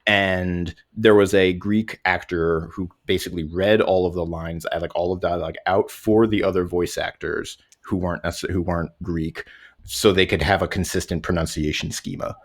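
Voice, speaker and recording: A man's voice: sits low, fairly even intonation, moderate pace. A man hosting a podcast in casual chat, rambling a little and correcting himself as he goes. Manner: rambling, self-correcting, hedging with fillers. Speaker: podcast host.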